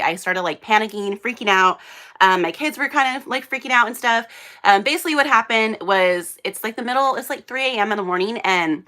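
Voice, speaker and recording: It's a casual live unboxing hosted by a young woman in a small, hot-lit room, where she chats and rambles with many fillers. Her voice is mid-range, bright, and forceful.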